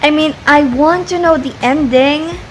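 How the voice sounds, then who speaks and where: A woman talks through a casual reading vlog in a high, light voice. She speaks slowly and softly, rambling and hesitating as she sorts out her thoughts. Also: slight background noise, poor audio. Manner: hesitant, rambling, soft-spoken. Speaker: book vlogger.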